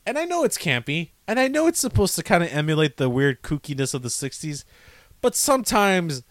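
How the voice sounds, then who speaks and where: A man's voice: on the high side, a little fast, no room sound. A man co-hosting a movie podcast, ranting and swearing as he picks the film apart in casual chat. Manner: ranting, heavy swearing, animated. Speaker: podcast co-host.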